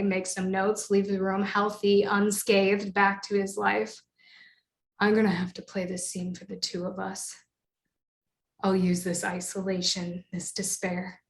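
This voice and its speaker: A woman performing a solo theatre monologue, narrating in a wry, self-doubting way. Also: medium pitch. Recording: roomy echo.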